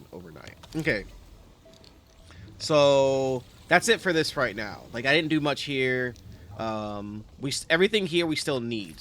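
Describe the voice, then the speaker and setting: Lively, rambling man narrating gameplay. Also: mid-range voice, a little hiss or hum. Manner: rambling, self-correcting, chatty. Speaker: game streamer. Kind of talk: casual gameplay commentary.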